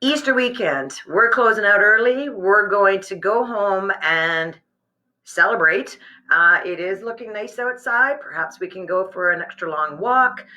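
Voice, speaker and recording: Bright chatty woman hosting a webcast. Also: mid-range voice, expressive, measured pace, rough recording. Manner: chatty, rambling, many fillers and restarts. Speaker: host. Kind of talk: live business webcast chat. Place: home workspace.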